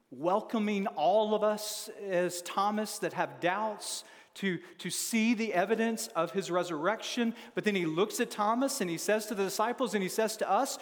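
Male pastor, high voice, dramatic scripture reading, long hall reverb. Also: expressive, normal speed. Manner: dramatic reading with shifting emphasis. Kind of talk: sermon.

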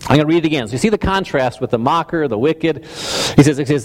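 A man delivers a sermon in a loose, conversational way, often restarting his sentences and poking fun at himself. His voice sits a little on the high side, and a long reverb trails behind it in a church hall. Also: expressive, fast talker, a little mellow. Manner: conversational, self-deprecating, many restarts and stammers. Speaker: pastor.

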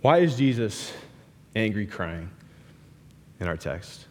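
A man's voice: on the low side, slow. Young man preaching casually in a hall. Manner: casual, animated storytelling with frequent "like" and "right". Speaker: pastor. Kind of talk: sermon. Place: large hall with a live audience. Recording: hall reverb.

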